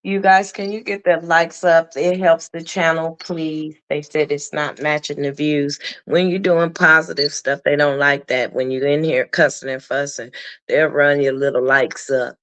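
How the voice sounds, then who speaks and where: A woman's voice: sits low, fairly even intonation, moderate pace, no echo. A woman hosting a casual livestream, talking reflectively about forgiveness and asking viewers to support the channel. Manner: reflective, encouraging, asks viewers for likes. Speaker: livestream host.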